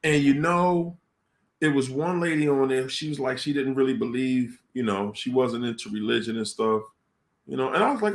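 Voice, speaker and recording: A man giving a casual motivational talk to a room, telling stories in colloquial, animated speech. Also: mid-range voice, normal speed.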